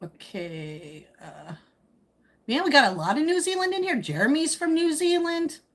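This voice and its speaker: Husky woman chatting on her live stream, voice jumps all over, kinda high. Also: big pitch swings, normal speed. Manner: chatty, teasing, reads out and answers viewer comments; speaks while eating. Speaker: livestream host chatting with viewers. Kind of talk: casual live stream chat.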